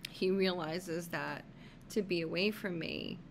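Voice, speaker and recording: A woman caring for her husband, shaken and worried, talking haltingly in a personal video diary with many fillers. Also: fairly low pitch, slight background noise.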